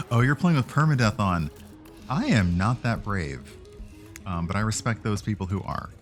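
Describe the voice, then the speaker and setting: A man with a very deep voice gives casual commentary on a video game he is playing. He rambles, breaking off mid-thought and correcting himself. Faint game music plays under his talk. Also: very animated, a little slow, pauses often. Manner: rambling, with frequent fillers and self-corrections. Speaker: streamer.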